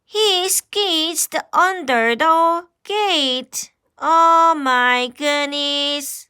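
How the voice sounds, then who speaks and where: A woman's voice: high voice, drawn-out words, bright, forceful tone, no echo, clean studio sound. A woman with a Korean first language reading a picture book aloud to children as their English teacher, exclaiming and asking the listener questions.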